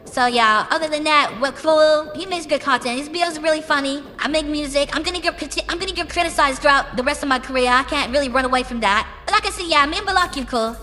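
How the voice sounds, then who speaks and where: A woman's voice: high-pitched, quick pace, few pauses, sharp tone. A young adult woman musician answering interview questions in a blunt, boastful, profane way. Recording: reverberant with background music.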